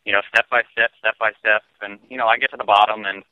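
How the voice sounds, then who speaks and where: A man telling a personal story as a radio guest, calm and halting, with "you know" in nearly every phrase. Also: on the low side, noisy background. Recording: dull lo-fi dry broadcast audio.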